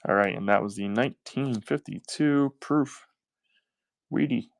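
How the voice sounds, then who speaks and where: Speaking with a Southern US accent, a man runs a live-stream coin auction in upbeat, chatty selling patter, thanking buyers by name. His medium-pitched voice is gravelly and unhurried, with no room sound.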